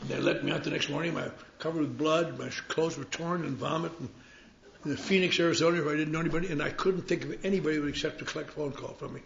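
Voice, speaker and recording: A man's voice: on the high side, steady tone, fast, vocal fry, fairly bright tone, slight background noise. A man telling his story with wry, self-mocking humor at a recovery meeting. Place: meeting hall. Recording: roomy, dull live recording.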